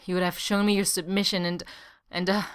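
A woman voicing a proud, hot-tempered young man who speaks in a low, intense, intimate way. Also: flat delivery, a little fast, clear, resonant tone, natural voice.

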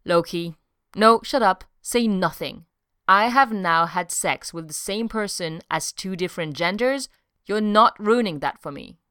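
A woman reading a brash, excitable man in an audiobook, blurting his lines a little higher than her narration. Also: a little slow, clean tone, dry recording, clean studio sound. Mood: excited.

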